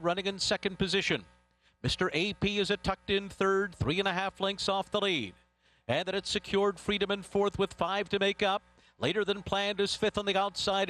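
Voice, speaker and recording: A man calling a horse race, rapid and rhythmic, building to the finish. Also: high voice, fairly bright tone. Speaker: race caller.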